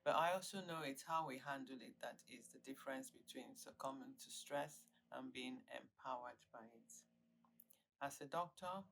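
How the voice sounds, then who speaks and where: A woman's voice: rumbling low, rough recording. An older woman, a psychiatrist, presents an online stress workshop in an earnest, emphatic and reassuring way. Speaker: psychiatrist leading a wellbeing workshop.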